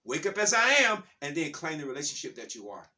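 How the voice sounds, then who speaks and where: A man's voice: on the high side, big pitch swings, fast talker, sharp tone, recorded from a distance. A man giving a spiritual talk in a fired-up, preacher-like way, repeating his phrases. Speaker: spiritual speaker.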